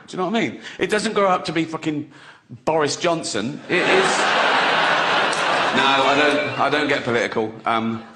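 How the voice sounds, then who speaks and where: A man's voice: on the high side, a little fast. A man in his sixties doing a crude, conversational stand-up routine, often chuckling at his own jokes. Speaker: stand-up comedian. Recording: loud audience laughter behind. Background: audience laughter.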